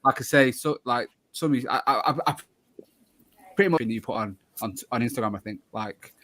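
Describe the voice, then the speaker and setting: A man's voice: mid-range voice, brisk, fairly bright tone. Chatty male podcast host. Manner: chatty, friendly, many fillers and restarts. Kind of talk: casual live show chat.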